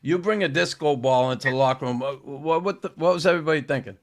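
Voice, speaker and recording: A man's voice: on the high side, fast. A man hosting a sports podcast, asking leading questions in a casual chat and laughing often at his guest's stories. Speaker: podcast host, former hockey player.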